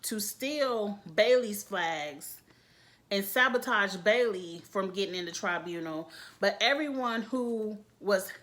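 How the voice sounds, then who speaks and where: Woman vlogger, AAVE, sassy reality-TV recap, lively asides. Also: medium pitch. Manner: sassy, animated, quotes cast members. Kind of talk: casual recap commentary.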